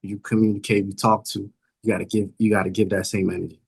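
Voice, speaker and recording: Casting note: male guest, low husky voice, casual halting chat, dry close sound. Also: flat delivery, no echo, poor audio. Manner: halting, repeats words, many "like" fillers.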